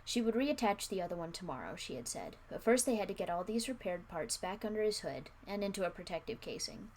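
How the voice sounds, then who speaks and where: A woman's voice: mid-range voice, expressive, quick pace, a little mellow, a little hiss or hum. A young adult woman reading her own old story aloud, breaking off for wry, self-mocking comments. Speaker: streamer. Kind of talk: reading aloud with casual asides.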